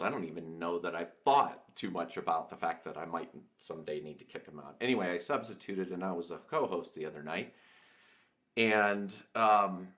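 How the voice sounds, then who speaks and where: Deep-voiced guy telling a personal story, lots of ums and restarts, kinda muffled lo-fi sound. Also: fairly bright tone. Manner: halting, many fillers and restarts. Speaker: podcast host. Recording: dull lo-fi sound.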